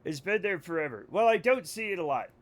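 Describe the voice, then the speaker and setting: A high, animated voice comes fast from an American man playing a game on stream. He chats casually with his viewers, rambling and joking the whole time.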